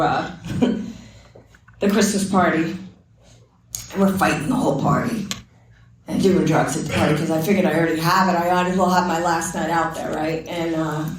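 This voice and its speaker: At a recovery meeting, a woman with a lowish voice shares a candid, earnest personal testimony, telling her story with quoted dialogue. There's slight background noise, and the meeting room is very echoey, with her far from the mic.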